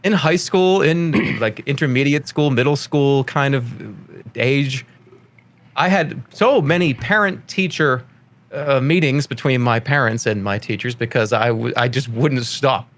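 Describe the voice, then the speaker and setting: A man's voice: a little slow, fairly bright tone. A man in his thirties from Boston with a light Boston accent, a rambling, jokey interview guest. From Boston, Massachusetts. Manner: rambling, jokey, slips into high put-on voices for quotes. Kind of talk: casual interview chat.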